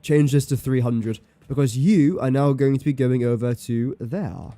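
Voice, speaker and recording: Over faint background music, a man with a warm, medium-pitched voice talks at a moderate pace with hardly any pauses, and the recording is dry. Streaming a building game, he keeps up casual commentary, reasoning aloud, quietly tallying numbers and mocking himself.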